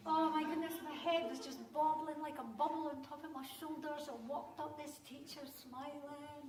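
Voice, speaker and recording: Lively Scottish woman storyteller in a hall. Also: sits high, normal speed, hardly any pauses, distant mic, a little hiss or hum. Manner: lively, conversational, acts out voices. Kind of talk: live comic storytelling. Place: conference hall. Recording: echoey hall, voice from off-mic.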